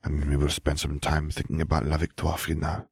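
A man voicing a tender young French woman who murmurs softly. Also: a bass voice, monotone, a little fast, vocal fry, husky, dry recording, clean studio sound, full character voice. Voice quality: soft, murmuring.

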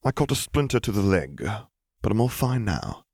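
A man's voice: on the low side, big pitch swings, moderate pace, vocal fry, darkish tone, breathy edge, no room sound, studio quality, pitched above the performer's own voice, exaggerated voice. A man voicing a young wizard husband who jokes with wry understatement and apologizes sheepishly, read as an audiobook character.

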